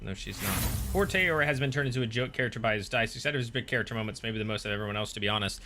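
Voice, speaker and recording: A man's voice: fairly low pitch, rapid-fire, background noise. A man hosting a stream, chatting casually and rambling with many restarts while reading chat aloud. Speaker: streamer and host.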